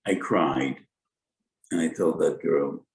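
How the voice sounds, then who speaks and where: A man giving a Torah lecture as a rabbi, speaking deliberately and citing sources with Hebrew terms. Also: very deep voice, gravelly, roomy sound, slight background noise, low-quality recording. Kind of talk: Torah lecture on Jewish law.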